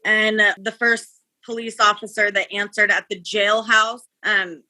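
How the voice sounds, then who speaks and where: A woman's voice: mid-range voice, unhurried, rough recording. A woman, the victim's niece, recounting events casually in an interview and acting out the people she quotes. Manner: animated storyteller, acts out quoted people.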